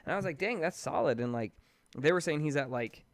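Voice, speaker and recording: Lively thirty-something podcast co-host. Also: male voice, mid-range voice, fast talker, smooth, dry recording. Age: 30s. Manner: animated storyteller, laughs often, lots of "like" and "dude". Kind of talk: casual chat.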